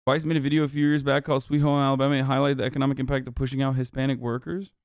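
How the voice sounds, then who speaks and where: A man's voice: medium pitch, level tone, rapid-fire, smooth, no echo, clean studio sound. A man doing livestream political commentary, heated and profane, rambling through restarts as he reacts to chat. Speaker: political streamer.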